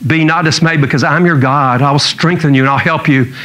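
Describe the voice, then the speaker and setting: A man's voice: a little high, steady tone, brisk, bright, forceful tone, low-quality recording. A man pastor preaching a sermon in a conversational storytelling way, chuckling now and then.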